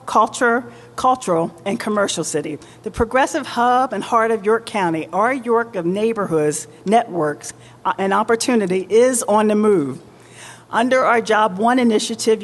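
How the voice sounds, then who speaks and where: A woman mayor giving a formal public address with deliberate, emphatic oratory in a large indoor market hall. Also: mid-range voice. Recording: long reverb of a large hall.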